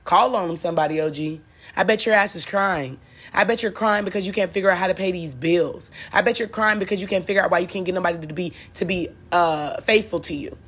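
A woman with a husky, fairly low voice rushes through a preachy motivational talk with hardly a pause. A spiritual speaker, she's blunt and profane, repeats herself for emphasis, and laughs at her own jokes.

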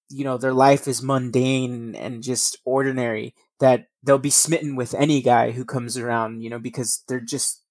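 A man's voice: medium pitch, dry recording. Guy reading history bits on his podcast then rambling with lots of cursing, dry no-room sound. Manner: profane, rambling asides between read passages. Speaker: podcast host. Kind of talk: casual storytelling podcast, reading passages aloud.

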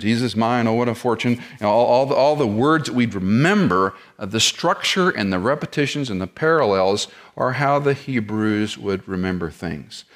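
Explaining scripture verse by verse, this middle-aged pastor asks rhetorical questions throughout his expository sermon. His voice is medium-pitched and a bit bright, and he lives with chronic back pain.

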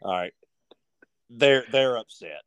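A man tells a long, rambling story on a casual podcast. His voice is mid-pitched and recorded close and dry. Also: lively intonation, slow pace, a bit bright, clean tone, no room sound. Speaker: podcast guest.

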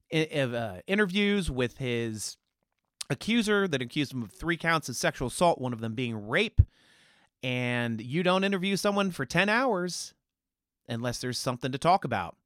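A man's voice: fairly high pitch, sharp tone, clean tone, no room sound, studio quality. A man hosting a sports podcast, giving heated, opinionated, mocking commentary.

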